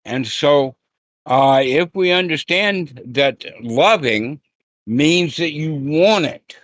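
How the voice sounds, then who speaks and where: A man's voice: mid-range voice, a bit bright, no echo. A man giving a plain-spoken, folksy Buddhist teaching talk over an online group call. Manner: plain-spoken, folksy, acts out quoted lines.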